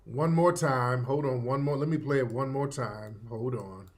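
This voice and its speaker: A man's voice: medium pitch, normal speed. A man giving casual reaction commentary in a mocking, informal, drawling way.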